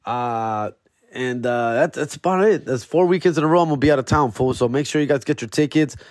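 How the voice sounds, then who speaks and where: A man's voice: medium pitch, a little fast. A man, hosting a comedy podcast in a laid-back, slangy, profane monologue.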